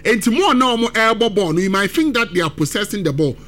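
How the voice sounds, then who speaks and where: A man's voice: sits high, animated, fast, fairly bright tone. A man giving football analysis on a talk show, emphatic and switching between languages. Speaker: football pundit. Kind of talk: sports analysis on radio talk show, mixing Twi and English.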